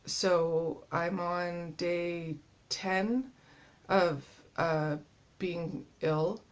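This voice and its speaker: Tired, winded woman vlogger, lower voice. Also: steady tone, dull audio. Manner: halting, many fillers and pauses. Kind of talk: casual video diary.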